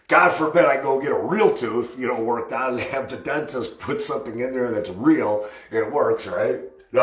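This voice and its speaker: A man's voice: medium pitch, echoey room. A middle-aged man casually telling a rambling, self-mocking personal story, laughing often.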